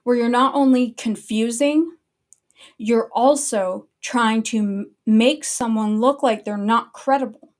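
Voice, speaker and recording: A woman with a voice on the higher side runs her own commentary stream. She speaks casually and bluntly, and swears freely in a sustained annoyed rant. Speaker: online commentary host.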